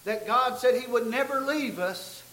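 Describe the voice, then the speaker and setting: A man preaching a sermon, telling a story and building to loud, emphatic peaks. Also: very high voice, unhurried, roomy sound, low-quality recording. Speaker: pastor.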